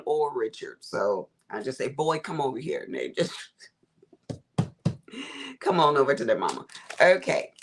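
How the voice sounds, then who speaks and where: A woman's voice: low-pitched, a bit bright. A middle-aged woman hosting a casual craft livestream, chatty and folksy, calling her viewers y'all and honey.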